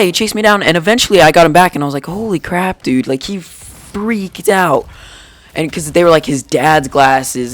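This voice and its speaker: A teenage boy with a slightly higher voice for a guy, telling a school story to his viewers. He rambles and jokes, and fills his talk with "like" and "dude". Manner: rambling, jokey, full of "like" and "dude". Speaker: YouTuber. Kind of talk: casual storytime vlog.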